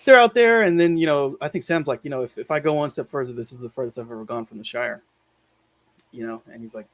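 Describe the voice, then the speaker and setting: A laid-back man in casual conversation, his voice sitting at an ordinary middle pitch. He rambles through scenes with plenty of "like" and the odd curse word, easygoing and unpolished. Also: fast. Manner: rambling retelling, peppered with "like". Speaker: podcast host reviewing films. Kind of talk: casual chat.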